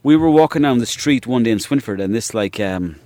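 Dark in tone and mid-range in pitch, this Irish guest comedian talks fairly quickly with lively intonation. He wanders through casual stories, swearing without restraint and laughing as he goes, and the recording carries no echo.

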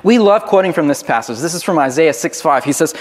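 A man's voice: on the high side, animated, brisk, in a large hall. A man preaching a sermon as pastor, earnest and often repeating words as he starts a phrase.

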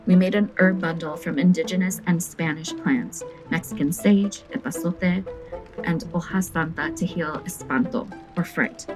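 A woman's voice: fairly low pitch, low-quality recording. A woman hosting a folklore podcast, narrating a scripted story in an earnest, vivid way.

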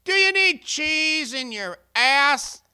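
A man doing a crude, loud ad pitchman. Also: lively intonation, slow pace, heavily acted. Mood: pushy. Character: crass shouting ad pitchman. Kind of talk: parody radio ad.

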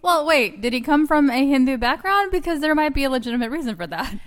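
A woman in casual chat, chiming in with quick interjections and curious questions. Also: high voice, animated.

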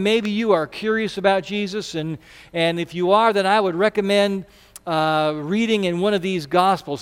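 A man preaching a Sunday sermon as pastor, talking conversationally and acting out quotes with sudden loud bursts. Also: high voice, smooth. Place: church sanctuary. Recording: long hall reverb.

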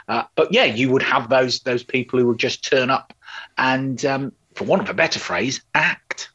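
The speaker is a man co-hosting a podcast, rambling casually about old television with frequent fillers and restarts. His mid-range voice moves at a normal speed, pushed and bright with a breathy edge, over dull audio.

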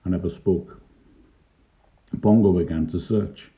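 Older man, low voice, wry storytelling. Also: moderate pace. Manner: wry, dry humour. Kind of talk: reminiscing first-person story narration. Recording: tinny lo-fi narrow-band recording.

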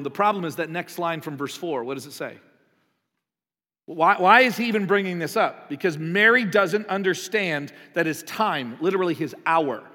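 Male pastor, slightly high voice, chatty sermon delivery, lots of rhetorical questions, echoing sanctuary. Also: bright, forceful tone. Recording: long hall reverb.

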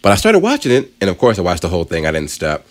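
A male podcast co-host excitedly retelling a film in casual chat. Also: low-pitched, rapid-fire, dry recording. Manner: excited, animated storytelling.

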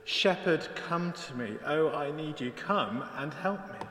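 A man's voice: medium pitch, animated, unhurried, a little hiss or hum, natural voice. A man reading a storybook aloud, voicing a frightened young female deer who pleads desperately. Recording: echoey church hall.

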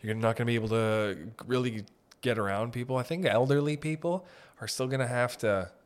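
A man from Northern Ontario hosting a podcast, telling profane, rambling comic stories. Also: medium pitch. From Northern Ontario, Canada. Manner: profane, rambling, animated anecdotes. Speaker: podcast host. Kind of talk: comedic storytelling chat.

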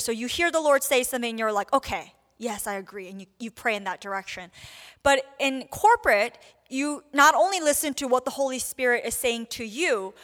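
Woman teaching prayer in an echoing hall. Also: high voice. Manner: casual, animated, acts out little prayers and quotes. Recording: long hall reverb.

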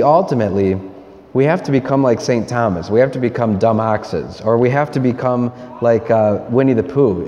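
A man, a priest, giving a homily in a university church in an earnest, plain-spoken, deliberate way. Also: mid-range voice, dark tone, slight background noise. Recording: reverberant church hall.

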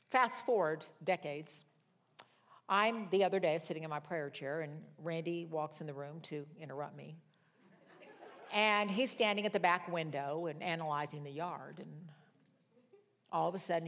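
Older woman, Bible study teacher, lowish voice, animated chatty storyteller with big jumps in pitch. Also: moderate pace. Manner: chatty, with self-mocking asides.

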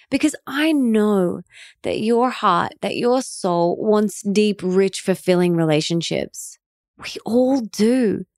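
A woman's voice: mid-range voice, no room sound, clean studio sound. A woman in her thirties hosting a motivational podcast, talking in an earnest, encouraging, heartfelt way. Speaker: podcast host. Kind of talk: motivational monologue.

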